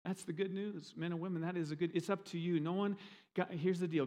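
A man preaching a sermon in a fairly high voice. He drives his points home with emphatic questions, and his pitch rises and falls dramatically. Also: fairly even intonation, a little fast, mellow. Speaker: pastor.

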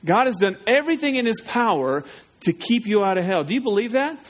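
Male pastor, slightly high voice, urgent and pleading evangelistic sermon. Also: big pitch swings, a little fast. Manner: urgent, pleading, asks listeners questions.

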